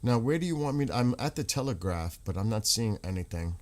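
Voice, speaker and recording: A man with a low voice hosts a casual livestream. He reads viewer comments aloud and answers them as he searches websites. He talks into a desk microphone. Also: lively intonation, brisk, a little mellow. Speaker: livestream host reading chat.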